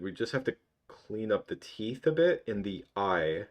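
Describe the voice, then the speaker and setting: A man's voice: on the low side, sing-song, a little slow. A man in his twenties hosting a casual livestream, rambling and reminiscing with lots of restarts. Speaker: livestream host.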